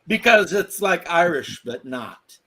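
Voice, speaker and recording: A man from the United States trading jokes on a casual podcast. His voice is bright and forward with a husky edge. He teases and provokes, laughing easily. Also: on the high side, big pitch swings, slow pace. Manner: teasing, laughs often, mock-provocative.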